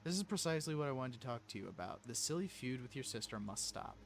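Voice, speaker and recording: A man's voice: medium pitch, animated, fast, gravelly, slight background noise. Man playing a stern, scolding mother from a mystery game. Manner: scolding, formal. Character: stern, proper middle-aged mother.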